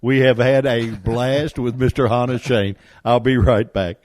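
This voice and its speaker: A man's voice: medium pitch, steady tone, measured pace, a little mellow. A man hosting a casual interview, chatty and laughing along with his guest. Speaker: host.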